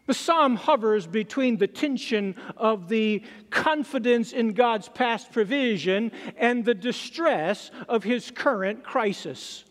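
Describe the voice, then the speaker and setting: A man preaching a sermon as pastor, reading scripture slowly and dramatically with long pauses. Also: high voice, expressive. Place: church sanctuary. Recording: reverberant hall.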